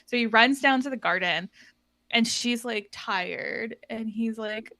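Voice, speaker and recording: A woman's voice: on the high side, unhurried, pushed and bright. A woman co-hosting a podcast, recapping a novel in a casual, filler-heavy way. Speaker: podcast co-host. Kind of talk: casual book chat.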